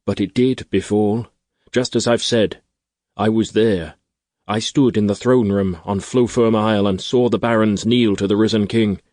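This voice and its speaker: Man reading an excited young guy who babbles, lowish voice, dry storybook sound. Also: normal speed, dry recording, close to an everyday voice. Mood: eager. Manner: eager, breathless, babbling. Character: eager young man, excited former adventurer.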